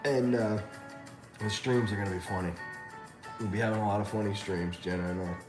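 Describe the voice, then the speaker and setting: A man's voice: fairly low pitch, fairly quick. Laughing male livestream host, roomy sound. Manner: laughing, animated storytelling. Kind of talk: casual livestream chat. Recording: roomy echo with faint music.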